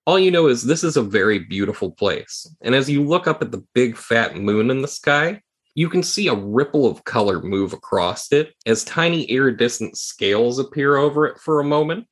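Calm male game master narrating. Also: mid-range voice, moderate pace.

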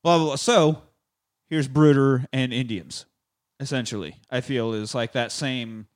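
A man's voice: medium pitch, steady tone, measured pace. A young man hosting a podcast, casually retelling a film with lots of fillers and swearing. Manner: rambling, profane, uses many fillers. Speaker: podcast host.

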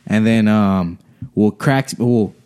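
A young man from Watsonville, California, casually telling a profane, animated story about a party fight, often laughing. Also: lowish voice, slow, clear, resonant tone.

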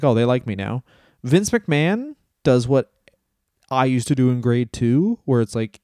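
A man's voice: medium pitch, dark tone, dry recording, clean studio sound. A man co-hosting a podcast, chatting casually and profanely, rambling and laughing often, and tired. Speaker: podcast co-host. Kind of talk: casual comedic chat.

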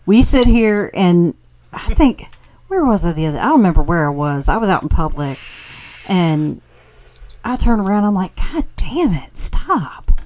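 A woman with a Southern US accent trades teasing jabs in a casual podcast chat. Her voice sits low for a woman but swings widely in pitch. Her delivery is dry and blunt. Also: animated, normal speed, darkish tone. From American South. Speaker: podcast co-host.

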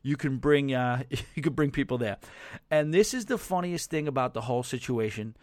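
A man's voice: mid-range voice, normal speed, darkish tone, dry recording. Chatty man hosting a podcast, dry sound. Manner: chatty and rambling, with many fillers and chuckles. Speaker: podcast host. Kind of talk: casual podcast storytelling.

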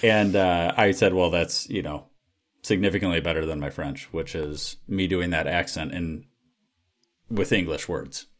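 A man with a very low voice hosts a podcast in casual chat. He rambles, doubling back with fillers as he tells a story. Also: fairly even intonation, a little slow. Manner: rambling, lots of filler words and restarts. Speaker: podcast host.

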